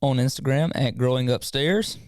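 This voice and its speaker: A man co-hosting a casual podcast, laid-back, answering in short relaxed replies. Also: mid-range voice, moderate pace, dry recording, clean studio sound. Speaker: co-host.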